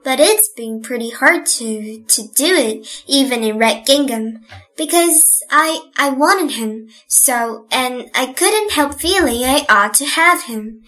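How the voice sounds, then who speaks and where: A woman's voice: sits high, lively intonation, takes it slowly, pushed and bright, exaggerated voice. A woman reading an audiobook, voicing a cheerful, chatty orphan girl who talks eagerly. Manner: eager, chatty, wide-eyed. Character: earnest cheerful orphan girl, about eleven.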